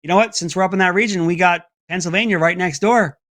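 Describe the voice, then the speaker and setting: A man's voice: fast talker, fairly bright tone, dry recording. A man hosting an opinionated political commentary segment, talking in a mocking, sarcastic way. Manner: mocking, breaks into high mimicking voices.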